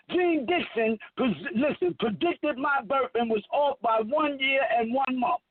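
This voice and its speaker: A man's voice: extremely high pitch, no echo. A man in his fifties delivering a rambling, profane, preachy monologue as a self-proclaimed messiah. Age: 50s. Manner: preachy, emphatic, heavy swearing. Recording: tinny phone line, dry.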